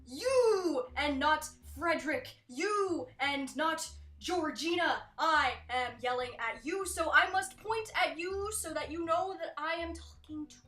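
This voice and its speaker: A woman voicing a loud person who yells slowly and emphatically while pointing. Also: high voice, voice pushed up. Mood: yelling. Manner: shouting, slow and emphatic. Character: loud shouting person jabbing a finger. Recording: echoey room with faint music.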